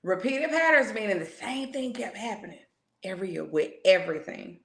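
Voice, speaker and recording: A woman's voice: mid-range voice, expressive, vocal fry, fairly bright tone. Frank, emphatic woman in an echoey room. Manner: frank, profane, slow emphatic stretches on key words. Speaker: spiritual reader giving a message. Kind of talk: casual spiritual pep talk.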